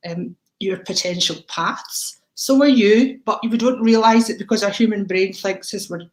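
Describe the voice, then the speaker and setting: A woman's voice: medium pitch, normal speed. Chatty Scottish woman hosting a livestream. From Scotland. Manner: chatty, affectionate, addresses viewers as darling and sweetheart. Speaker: psychic medium livestream host. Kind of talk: live-stream chat greeting viewers.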